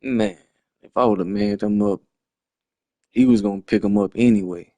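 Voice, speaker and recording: A man's voice: fairly low pitch, very animated, moderate pace, vocal fry, mellow, no room sound. A man, breaking down a lost football video game in a frustrated, slangy ramble on a livestream. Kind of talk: casual game replay breakdown.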